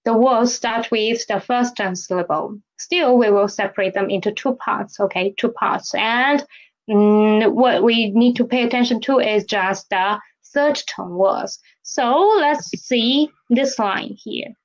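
A woman teaches step by step, with a voice that sits somewhat high and moves at an unhurried pace. She repeats words and keeps checking in with "okay?" and "right?". The recording sounds slightly dull and lo-fi. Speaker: Chinese language teacher. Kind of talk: slow step-by-step lesson.

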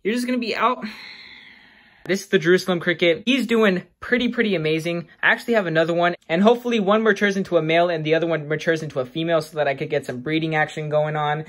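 Slangy young man with a higher voice. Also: fast. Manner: slangy, excitable, self-mocking. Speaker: pet keeper showing his bugs. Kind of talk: casual vlog chat.

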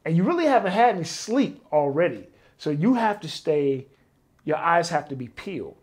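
Middle-aged guy, interview guest, animated raconteur acting out the dialogue. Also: on the high side, normal speed. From Detroit, US. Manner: animated, acts out quoted dialogue. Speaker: interview guest, former bodyguard. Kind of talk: casual storytelling interview.

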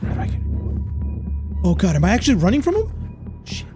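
A man playing a horror game and reacting out loud, swearing often and dropping in Spanish slang as he thinks out loud. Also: very high voice, wildly swooping pitch, fairly quick, music in the background. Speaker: gaming YouTuber.

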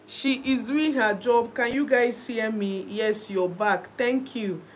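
A woman hosting a birthday live stream, warmly thanking viewers by name and laughing often. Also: fairly high pitch, slow, a little hiss or hum, rough recording.

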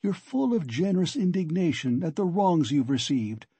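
A man's voice: fairly high pitch, very animated, moderate pace, dark tone, breathy edge, no echo, voice pushed up. A man reading an audiobook, voicing a probing male investigator who presses in a confiding, knowing tone. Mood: insinuating. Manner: pressing, confiding tone of someone who knows more. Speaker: audiobook reader. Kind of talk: audiobook reading of a classic novel.

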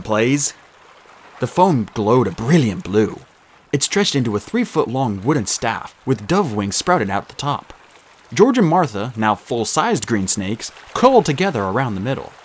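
A man narrating an audiobook in an expressive, lively way. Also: medium pitch, slightly rough.

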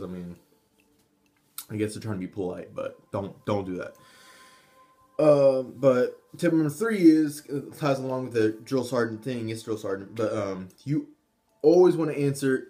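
A man's voice: medium pitch, normal speed, warm tone, soft background music. A young man giving casual tips to camera, rambling and swearing, with frequent restarts. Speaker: vlogger, army trainee.

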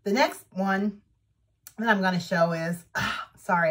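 A woman vlogger in casual show-and-tell chat, talking at an unhurried, easy pace. She sounds eager and chatty, with a middling pitch. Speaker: needlework vlogger.

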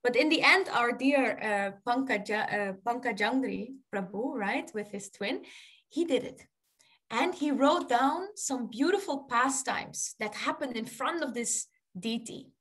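High-voiced woman telling children a story. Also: unhurried. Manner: animated, laughs often, asks the children questions.

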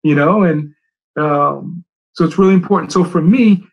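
A man's voice: fairly high pitch, normal speed, creaky, slightly rough, muffled recording. A middle-aged man who coaches soccer, giving a presentation and telling stories, repeating his key phrases for emphasis.

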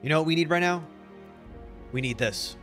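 A man streaming a game live, reacting excitedly with laughter and constant swearing while talking to his chat. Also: a little high, normal speed, faint music behind. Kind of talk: live gameplay commentary.

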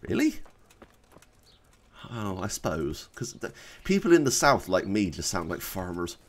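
A gaming YouTuber from Bath with a West Country English accent, chatting in a rambling, self-deprecating way over gameplay. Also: male voice, low voice, big pitch swings, a little slow, a little hiss or hum. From Bath, England. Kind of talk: casual gameplay commentary.

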